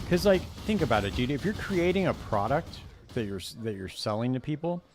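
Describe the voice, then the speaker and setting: A man's voice: mid-range voice, a little fast, over music. A man streaming a game live and chatting casually, rambling and leaning on "dude" all the time. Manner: rambling, says "dude" constantly. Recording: steady background noise.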